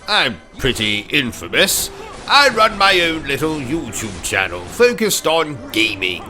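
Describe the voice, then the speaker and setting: A man's voice: medium pitch, sing-song, takes it slowly, sharp tone, faint music behind. A British man hosting comedic gaming commentary, pompous and theatrical, full of exclamations. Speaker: gaming channel host. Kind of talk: comedic let's-play commentary with skits.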